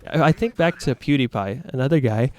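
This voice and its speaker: A male YouTuber thinks aloud to his viewers in an unscripted, reflective monologue. His voice sits at an ordinary middle pitch. He comes across as earnest and self-critical, and his thoughts ramble as he goes. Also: lively intonation, brisk, a little mellow, slight background noise.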